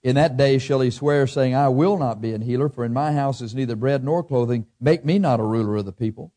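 A man's voice: mid-range voice, fairly quick, mellow. Folksy male preacher reading scripture. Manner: folksy, reads scripture in King James cadence, chuckles at own jokes.

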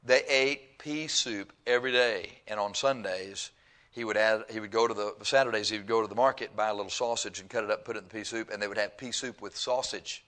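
A middle-aged male pastor in full sermon mode, folksy and animated. He reads out scripture, then slips into long stories, chuckling and taking on the voices of the people he quotes. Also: lowish voice, brisk. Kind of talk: sermon with storytelling.

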